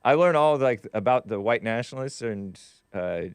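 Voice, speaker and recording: A man's voice: mid-range voice, lively intonation, normal speed, smooth, no echo. A man hosting a live talk stream, reading viewer chats with a wry tone and frequent laughs. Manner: wry, laughs often, trails off and restarts. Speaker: show host.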